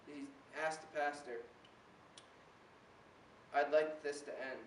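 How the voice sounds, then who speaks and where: A man's voice: on the high side, steady tone, takes it slowly. A teenage boy performing a spoken word poem with an earnest, rhythmic delivery. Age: teens. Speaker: slam poet. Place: indoor performance room. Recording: roomy, distant mic with faint hiss.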